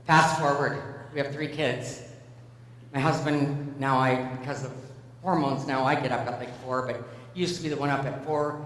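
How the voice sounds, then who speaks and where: A woman's voice: a bass voice, fairly even intonation, moderate pace. A middle-aged woman giving a humorous motivational keynote, with playful, self-mocking storytelling and acted-out dialogue, in a large conference hall. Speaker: keynote speaker. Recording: echoey hall, distant mic, faint hum.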